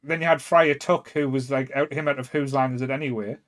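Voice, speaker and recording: A man's voice: mid-range voice, fairly even intonation, fairly quick. A man with a Northern English accent chatting casually on a podcast, hesitant, with plenty of fillers. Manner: laid-back, hesitant, with many fillers. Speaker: podcast co-host. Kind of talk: casual chat.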